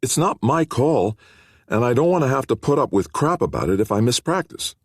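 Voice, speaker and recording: A man's voice: medium pitch, big pitch swings, fairly quick, breathy edge, dry recording, clean studio sound, pitched above the performer's own voice. A man reading an audiobook, voicing a defiant teenage boy who talks in a blunt, flippant, stubborn way.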